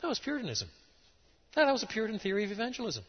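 A middle-aged man preaching a lecture-style sermon, emphatic and animated, with sudden rises and drops in his voice. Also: sits high, racing, slightly rough. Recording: dull sound in a large reverberant hall.

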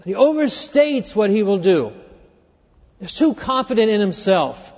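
A man preaching a sermon, earnestly walking through a scripture passage and dropping quieter when he quotes it. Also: high-pitched, very animated, a little slow. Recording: dull reverberant hall sound.

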